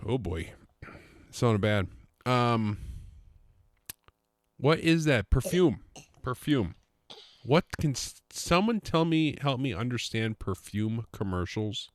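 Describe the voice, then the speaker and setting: A man's voice: mid-range voice, sing-song, slow, pauses often, no echo. Rambling, joking man on a dry mic. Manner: rambling, self-interrupting, joking. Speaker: podcast host. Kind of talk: casual solo podcast monologue.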